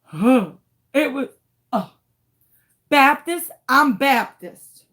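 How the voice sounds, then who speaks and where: A woman's voice: sits high, expressive, slow pace, fairly bright tone. A woman telling a story to camera in a dramatic, exasperated way. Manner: dramatic, exasperated, swings into shrieks. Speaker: crafting channel host.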